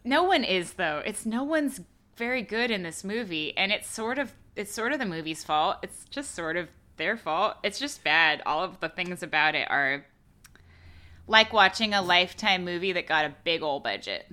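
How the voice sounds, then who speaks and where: A woman's voice: on the low side, animated, moderate pace, bright, forceful tone. A woman co-hosting a podcast, chatting casually and sarcastically about a movie, laughing often. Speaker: podcast co-host. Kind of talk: casual movie review chat.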